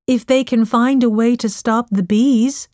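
Woman doing a calm, reassuring young man. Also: on the high side, unhurried, dry recording, studio quality, voice pushed up, close to an everyday voice. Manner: reassuring, matter-of-fact. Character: calm, self-reliant nineteen-year-old young man.

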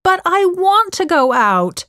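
A woman voicing a restless, annoyed teenage girl in a storybook reading, her lines pitched up and pleading. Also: big pitch swings, slow, no room sound, clean studio sound. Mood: frustrated.

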